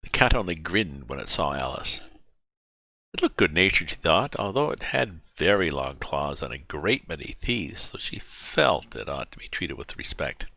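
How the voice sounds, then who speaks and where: A man reading a classic children's novel aloud as storyteller, in an animated, expressive way. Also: a bass voice, normal speed, creaky, no echo.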